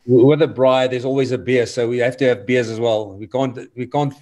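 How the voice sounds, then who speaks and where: A man speaking as an interview guest, earnest and motivational, often halting and repeating words. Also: mid-range voice, steady tone, darkish tone. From South Africa. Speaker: guest, former rugby player. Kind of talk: casual interview chat.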